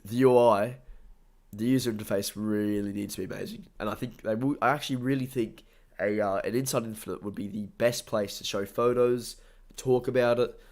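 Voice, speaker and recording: Young australian guy, stuffy nose, lowish voice, rambling casual stream chat. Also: steady tone, brisk, darkish tone. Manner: rambling, chatty, upbeat, thanks viewers often.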